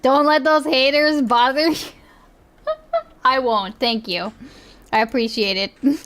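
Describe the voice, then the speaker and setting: A young woman streaming and reacting in casual chat, excitable, laughing often and swearing freely. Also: high voice, slow.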